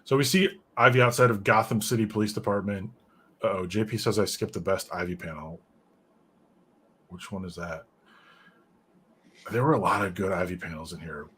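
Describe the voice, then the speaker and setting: A man's voice: low-pitched, fairly even intonation, moderate pace, pauses often, a bit bright, breathy edge. A man hosting a casual comic book discussion who rambles and drifts into side notes. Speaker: podcast host reviewing comics.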